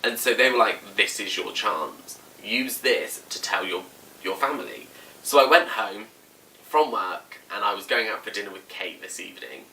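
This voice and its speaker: Chatty young man, bright voice. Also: on the low side, expressive, moderate pace, creaky. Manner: chatty, lots of "like", acts out quotes. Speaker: vlogger. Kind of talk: casual storytelling to camera. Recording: slightly distant mic, faint room noise.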